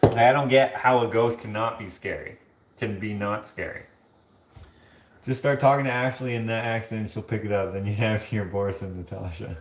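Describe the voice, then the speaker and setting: A man's voice: lowish voice, steady tone, normal speed, roomy sound, a little hiss or hum. A man hosting a casual live stream, chatting and joking with viewers while he does the dishes in his kitchen. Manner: chatty, joking, laughs often. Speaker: livestream host reading chat. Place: home kitchen.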